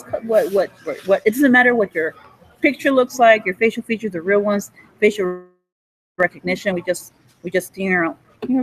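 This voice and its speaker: A woman in a cafe giving a rambling, profane monologue that jumps between topics and breaks into high bursts of laughter. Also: moderate pace, poor audio.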